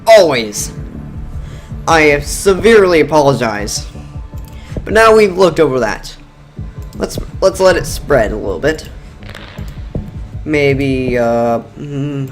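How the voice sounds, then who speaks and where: A man's voice: fairly high pitch, expressive, slow, long pauses, soft background music. A young man hosting casual gaming commentary, rambling and jokey, often cutting himself off mid-sentence. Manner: rambling, self-interrupting, jokey. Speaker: gaming video host.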